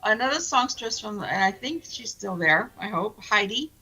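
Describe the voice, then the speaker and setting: A woman's voice: mid-range voice, animated, moderate pace, sharp tone, poor audio. A woman co-hosting a radio talk show, announcing guests in a casual, upbeat chat and laughing often.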